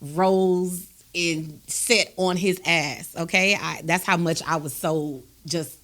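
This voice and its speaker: A woman, hosting a podcast and telling a personal story in a candid, animated, emphatic way. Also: fairly low pitch, slow pace. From Texas, USA. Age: adult, raised a grown son. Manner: emphatic and animated, with frequent "do you understand me?". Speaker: podcast host.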